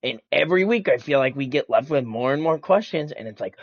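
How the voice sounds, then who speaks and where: A man's voice: mid-range voice, lively intonation, fairly quick, no room sound, dull audio. A man on a casual podcast, rambling loosely, full of fillers and swearing. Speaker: podcast co-host. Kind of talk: casual chat.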